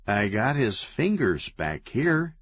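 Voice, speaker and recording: A man voicing a dim, drug-hungry slacker sidekick who talks in a slow, dopey drawl. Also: mid-range voice, big pitch swings, a bit bright, breathy edge, no echo, pitched above the performer's own voice, exaggerated voice. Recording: dull, lo-fi, dry.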